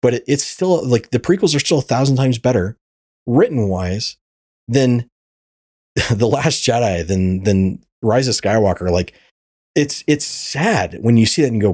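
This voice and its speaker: Male podcast host, casual rant, profane, stammers and restarts, mid pitch. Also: animated, unhurried, darkish tone, husky. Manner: ranting, profane, repeats words often. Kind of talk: casual chat.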